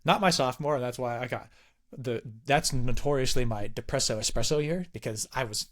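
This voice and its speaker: A man's voice: mid-range voice, a little fast, fairly bright tone. A young man in his twenties telling a story in casual chat, swearing freely and acting out other people's lines. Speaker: podcast guest.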